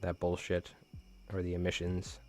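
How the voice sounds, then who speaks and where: A man's voice: low-pitched, completely flat delivery, normal speed, a little mellow, slight background noise. A man hosting a live fly tying stream, chatting casually in slang with viewers while he ties.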